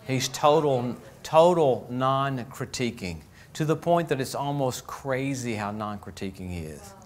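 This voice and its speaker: A man preaching a lively, joking sermon as pastor of a church, acting out little voices as he goes. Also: mid-range voice, a little slow. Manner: animated, jokey, acts out voices.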